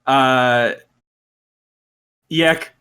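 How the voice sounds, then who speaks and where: A man narrating as game master of a tabletop game, laughing often and filling pauses with uh and like. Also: medium pitch, fairly even intonation, bright, forceful tone, smooth.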